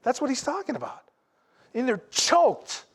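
A man preaching a sermon in a folksy, animated way, with asides to the congregation. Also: extremely high pitch, normal speed, slightly rough. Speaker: pastor.

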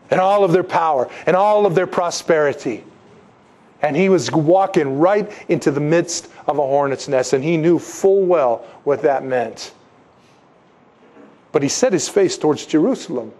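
Animated man preaching a sermon. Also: on the high side. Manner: animated, conversational preaching with acted-out quotes. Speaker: pastor.

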